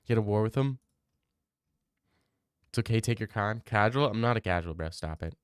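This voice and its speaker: A man's voice: lowish voice, animated, normal speed, smooth, no room sound, clean studio sound. Rambling young man reading live chat. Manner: rambling, opinionated, repeats himself. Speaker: streamer.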